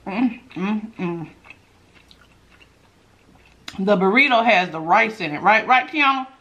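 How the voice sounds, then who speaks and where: A woman's voice: mid-range voice, lively intonation, normal speed, pushed and bright, dull audio, slight background noise. A woman hosting a mukbang eating show, chatting casually to her viewers between bites and laughing often. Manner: chatty, giggly, talks to viewers while eating. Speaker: mukbang host.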